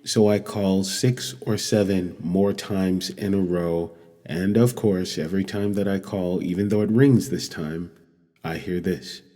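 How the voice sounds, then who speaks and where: A man telling a personal story in an earnest, measured way, with long pauses. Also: sits low, fairly even intonation, mellow. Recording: long echoey reverb.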